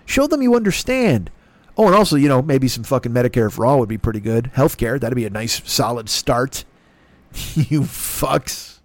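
A man hosting a podcast, delivering a profane, exasperated comedic rant in an animated, sweary way. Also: medium pitch, fairly quick, dry recording. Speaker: podcast host.

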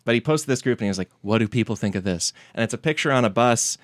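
A man hosting a casual comedic podcast chat, relaxed and often chuckling as he tells a story. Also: mid-range voice, quick pace, no echo, clean studio sound. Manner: laid-back, chuckles often, reads quotes aloud. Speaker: podcast host.

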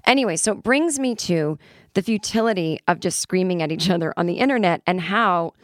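A middle-aged-sounding woman with a lowish voice hosts a casual solo podcast, candid and self-deprecating, laughing now and then. She's expressive and fairly quick. The mic is close in a dry, dead room with no echo.

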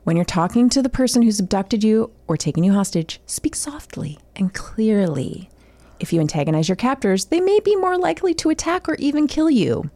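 A woman on a casual comedy podcast with a somewhat high voice that swings widely in pitch. She reads passages from a guide and riffs on them with amused asides. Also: big pitch swings, quick pace, few pauses, mellow. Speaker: podcast co-host.

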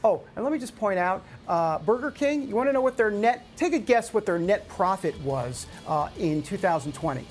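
A man hosting a news talk show, giving opinionated commentary in an animated, exasperated way, with many fillers and restarts. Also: high voice, normal speed, hardly any pauses, faint music behind.

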